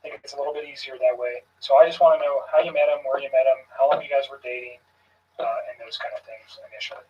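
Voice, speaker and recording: A man questioning someone in a recorded police interview, calm and measured with frequent pauses. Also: medium pitch. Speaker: police investigator. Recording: muffled, distant room recording.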